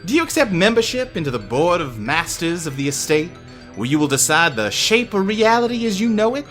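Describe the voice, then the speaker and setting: A man's voice: high voice, sing-song, fairly quick, fairly bright tone, faint music behind, pitched above the performer's own voice. A man voicing a cheerful new head butler, a woman with an upbeat, sing-song manner. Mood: chipper.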